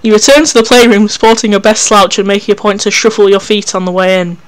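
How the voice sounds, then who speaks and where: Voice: medium pitch, steady tone, quick pace, clean tone. A narrator reading an interactive story game aloud in a wry, casual way, swearing freely.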